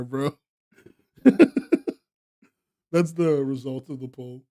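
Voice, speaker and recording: Speaking slowly and with animation, a young man with a highish, darkish-toned voice streams live and talks with his chat. He laughs frequently and puts on playful mock outrage.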